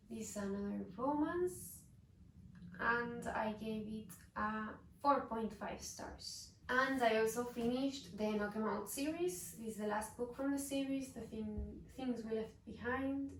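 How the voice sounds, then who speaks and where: A young woman chatting through a casual book wrap-up vlog, expressive and quick to burst into exasperated rants. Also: a little high, vocal fry, a little hiss or hum. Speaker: book reviewer. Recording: roomy echo, mic at a distance.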